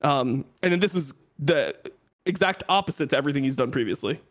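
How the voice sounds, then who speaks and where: A man's voice: medium pitch, animated, a little fast, a bit bright. A man co-hosting an esports chat, analysing players in a casual, profane way. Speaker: esports co-host.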